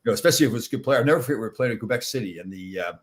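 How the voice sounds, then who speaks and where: Fast-talking man telling hockey stories. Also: medium pitch, expressive. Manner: rambling, laughs through his stories. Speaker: podcast host, former hockey player. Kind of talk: casual storytelling chat.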